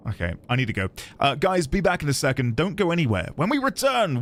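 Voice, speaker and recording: A man streaming a video game, chatting excitably with his viewers and laughing often. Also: on the high side, a little fast. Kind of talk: casual live-stream commentary.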